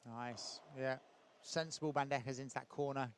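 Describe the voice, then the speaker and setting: A man giving relaxed, chatty live commentary on a padel match, with frequent ums and small laughs. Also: mid-range voice, normal speed, a little hiss or hum.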